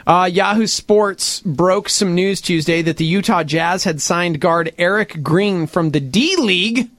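A man's voice: sits high, unhurried, no room sound, studio quality. A man co-hosting a morning radio show, telling stories with exaggerated reactions. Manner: animated storyteller, exaggerated reactions. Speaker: radio co-host. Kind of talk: casual radio banter.

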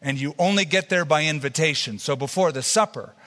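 Bright-voiced man preaching in a reverberant hall. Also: a little high, fairly quick. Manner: conversational Bible teaching with asides to the congregation. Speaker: pastor. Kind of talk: sermon.

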